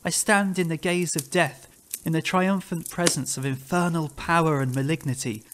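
A haunted captain at the edge of his nerves, as a male reader puts him on, begging for help in a high, strained voice that keeps climbing toward panic. He sounds like a character from a spoken gothic ghost story. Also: fairly even intonation, moderate pace, noisy background, close to an everyday voice. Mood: desperate. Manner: desperate, pleading, rising to frantic cries. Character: haunted, terrified middle-aged male captain. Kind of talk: dramatic reading of a classic ghost story.

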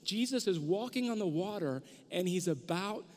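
In a church whose sanctuary leaves a long reverb tail on every line, a male pastor preaches at a moderate pace in a high, carrying voice. He's animated, acting out the disciples in raised, excited tones.

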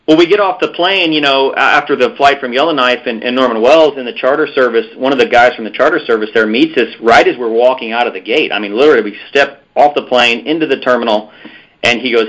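A man's voice: mid-range voice, fast, a bit bright, highs cut off. A man guest on a podcast, telling a story in a rambling way with lots of fillers and restarts. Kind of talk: casual storytelling interview.

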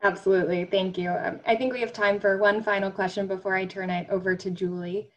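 A woman moderating a webinar Q&A, reading out audience questions and passing the floor to the panelists. Her delivery is level and unvaried, set at a middle pitch. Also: steady tone, brisk, poor audio.

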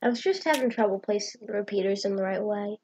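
A woman's voice: mid-range voice, quick pace, a little mellow, slightly rough, highs cut off. A woman hosting a gaming channel, plainly explaining her build and answering her guest with dry comebacks. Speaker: channel host. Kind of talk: narrating a game build.

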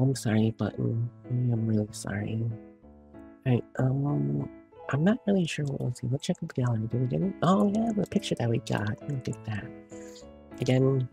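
A man's voice: mid-range voice, vocal fry, warm tone. A man streaming a story game, casually commenting and reading the game's text aloud.

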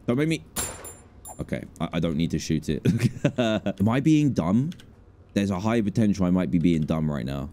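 A man gives chatty, joking commentary over a video game. His voice is mellow and warm, and it rises and falls a lot as he reacts to the game. A faint hum of noise sits underneath. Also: low-pitched. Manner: jokey, reacting aloud, bursts into panicked yelling. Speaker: gaming YouTuber. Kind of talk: casual let's play commentary.

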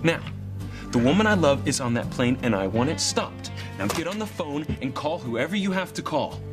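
A man's voice: a little high, big pitch swings, moderate pace, over music. A man playing an insistent, commanding young heir in a TV soap opera. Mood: demanding. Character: rich young man demanding a plane be stopped.

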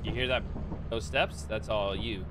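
A man streaming a game in casual chatter, excitable, swearing a lot and yelping the same words over and over. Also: lowish voice, measured pace, heavy background noise. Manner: excitable, swears a lot, yelps and repeats himself.

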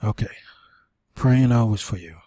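Man, informal Bible teacher reading verses, dark husky tone, a bit winded. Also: on the low side, a little slow, dry recording, clean studio sound. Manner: reads scripture aloud with fillers and restarts, preaching asides. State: short of breath. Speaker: preacher.

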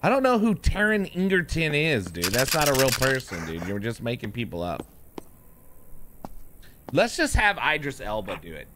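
Chill gamer dude rambling over gameplay, voice bounces around a lot, game noise in the back. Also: male voice, mid-range voice, wildly swooping pitch, normal speed. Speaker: gamer streamer. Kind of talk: casual gameplay commentary. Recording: clear game noise behind.

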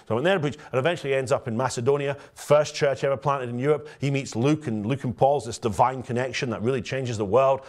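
A man, a pastor, preaching a conversational sermon and telling stories directly to his congregation. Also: mid-range voice. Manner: storytelling, lively and direct, addresses the congregation.

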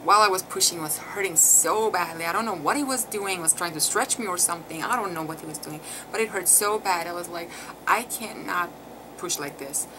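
A woman's voice: on the low side, fast talker, hardly any pauses. A woman casually recounting a personal experience to her viewers, emotional and chatty, with many fillers. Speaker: mother telling her birth story. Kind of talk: casual vlog storytelling. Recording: clear background noise.

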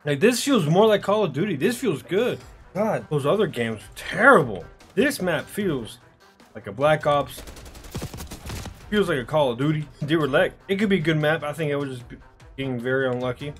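A young man commentating his own gameplay, ranting and swearing constantly, often bursting into shouts. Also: a little high, expressive, normal speed, faint music behind. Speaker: gaming YouTuber.

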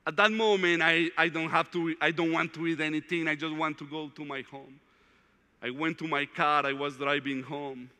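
Earnest man telling a testimony, bright voice. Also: on the high side. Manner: heartfelt storytelling, plain non-native English. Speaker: retreat speaker. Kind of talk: testimony talk. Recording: long hall reverb.

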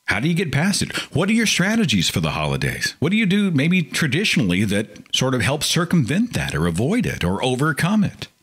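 This podcast host speaks at a medium pitch, a little fast and slightly rough, barely pausing. His casual call-in show monologue is full of feeling as he lampoons devout family members with animated impressions.

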